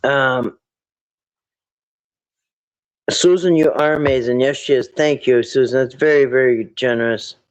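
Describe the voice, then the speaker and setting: A man's voice: medium pitch, normal speed, clean tone, rough recording. A man hosting a casual livestream, rambling and thinking aloud as he answers viewer chat. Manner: rambling, thinks aloud, quotes people in put-on voices.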